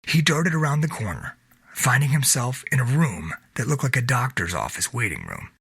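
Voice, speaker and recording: A man narrating his own novel in a steady storytelling read. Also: mid-range voice, moderate pace, gravelly, slightly rough, no room sound. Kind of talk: reading a self-published novel aloud.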